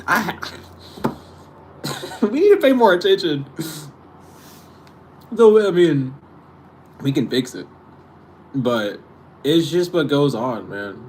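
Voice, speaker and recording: A man's voice: a little high, sing-song, takes it slowly, long pauses, darkish tone, slight background noise. Exasperated, laughing man ranting casually. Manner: exasperated, profane, laughing often. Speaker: spiritual channel host.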